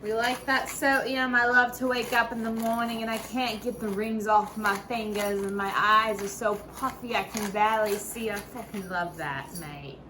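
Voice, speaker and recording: A woman's voice: fairly high pitch, fairly even intonation, moderate pace, few pauses. A woman hosting a casual home cooking video in her kitchen, talking in playful, profane mock-chef banter. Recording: noisy room ambience.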